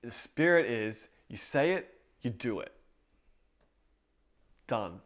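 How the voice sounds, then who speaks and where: A man in relaxed conversation, his voice sitting at an ordinary middle pitch. He rambles and self-corrects, drifting into long stories about faith with a loose, unscripted flow. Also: slow. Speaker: podcast co-host. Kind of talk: casual faith chat.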